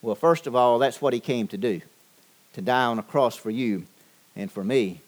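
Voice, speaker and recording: A man preaching a sermon, measured and deliberate, with frequent pauses and fillers. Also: mid-range voice. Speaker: pastor.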